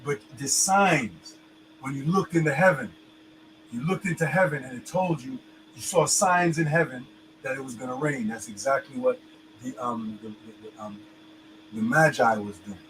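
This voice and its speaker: Speaking at normal speed, this man has a medium-pitched, slightly bright voice on a rough recording. As co-host of a casual discussion, he talks emphatically with slang, loose phrasing, and frequent restarts, over a faint background noise.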